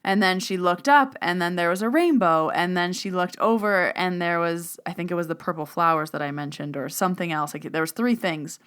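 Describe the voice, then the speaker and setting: Chatty woman podcaster with a smooth voice. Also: fairly low pitch, brisk, hardly any pauses, fairly bright tone. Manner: chatty, peppered with "like", acts out quoted exchanges. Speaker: podcast host and medium. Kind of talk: casual storytelling monologue.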